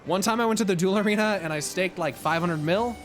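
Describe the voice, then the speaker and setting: A man's voice: sits high, fast talker, faint music behind. A man doing casual, jokey gameplay commentary, reading game dialogue aloud, laughing and swearing now and then. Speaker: game streamer.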